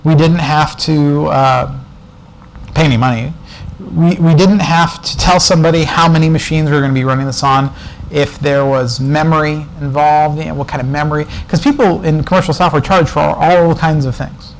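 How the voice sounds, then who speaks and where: This man's voice sits a little high, with fairly even intonation and a normal pace. As a guest speaker at a developer meetup, he addresses an audience in a presentation room, telling a relaxed, rambling story with side comments and humor in the manner of a conference talk. There's slight background noise and the audio quality is poor.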